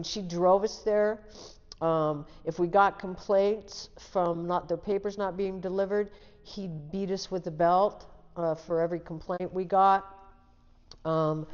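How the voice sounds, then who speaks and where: Here a woman in her sixties from around Seattle, with a lowish, darkish voice, recounts her life as an interview guest in a candid, straightforward way. Long reverb hangs over a dull, lo-fi recording.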